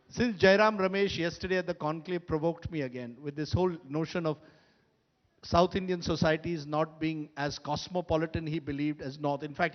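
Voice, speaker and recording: A man moderating a conference panel, brisk and pressing speakers for quick answers. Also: fairly high pitch, lo-fi sound. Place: conference hall stage.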